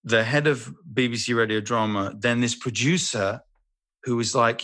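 A man telling a casual, animated, self-deprecating story as an interview guest, swearing freely. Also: mid-range voice, fairly quick. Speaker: voice actor guest.

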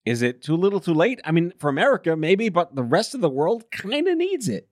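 A man hosting a podcast in casual chat, joking and tossing in quick quips. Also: sits high, very animated, no echo, studio quality. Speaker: podcast host.

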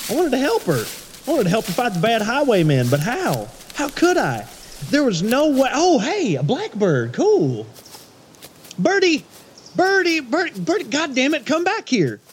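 A man voicing a lost, frantic young man who rambles about getting lost in the woods, excitable and whiny. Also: high-pitched, slight background noise, pitched above the performer's own voice. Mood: excited.

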